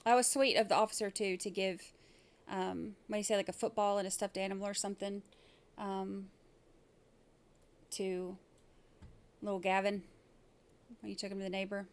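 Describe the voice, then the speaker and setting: A woman's voice: mid-range voice, little pitch movement, moderate pace, pauses often. A woman hosting a casual livestream about a trial, talking in a chatty, rambling way with lots of fillers. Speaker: host of a live trial commentary stream.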